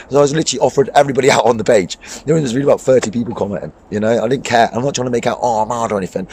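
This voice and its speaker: Man, vlogger and coach, quick-fire sweary rant by a lake, faint ambience. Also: mid-range voice, a little mellow, a little hiss or hum. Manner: blunt, swearing, heated with laughs. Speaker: fishing vlogger and boxing coach. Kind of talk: ranting vlog monologue. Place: outdoors by a lake.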